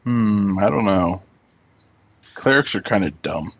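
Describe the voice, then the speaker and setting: A man's voice: lowish voice, animated, unhurried, gravelly, highs cut off. A man playing in a tabletop game, making dry joking remarks. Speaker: player. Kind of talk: casual tabletop game play.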